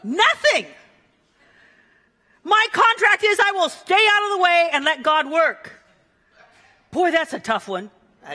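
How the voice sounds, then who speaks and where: A woman minister delivers a Sunday sermon with a bright, forceful voice. She keeps it playful and animated and chuckles at her own asides. Her words ring with the long reverb of a large church sanctuary. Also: very high voice, a little slow, pauses often.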